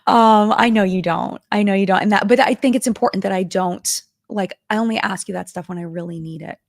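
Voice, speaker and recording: A middle-aged woman hosts a live-stream chat, talking casually and with feeling, full of fillers and restarts. Her mid-range voice is a little fast and creaky, captured in a dry, clean studio recording.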